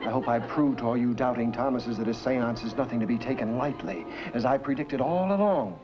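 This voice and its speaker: A man's voice: mid-range voice, fairly quick, natural voice. A man playing a solemn, theatrical seance leader in a 1950s sitcom. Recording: dull 1950s TV soundtrack with music.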